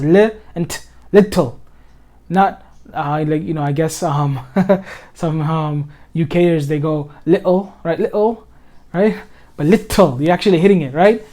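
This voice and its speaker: A man talking a student through Quran recitation on a call, in an easy, patient way. He restarts often, fills pauses with "um," and slows right down whenever he recites a phrase. Plain computer mic sound. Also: sits high, mellow. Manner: patient, repeats words, many fillers and restarts, slows to recite. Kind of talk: informal one-on-one lesson over screen share.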